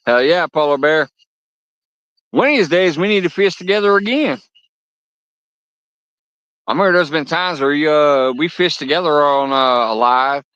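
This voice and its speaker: A man's voice: a little high, moderate pace, long pauses, fairly bright tone, clean tone, no echo. Profane, laughing man chatting on a fishing stream. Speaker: fishing livestream host. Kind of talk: casual live chat with viewers. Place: outdoors at a lake. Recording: dull lo-fi audio.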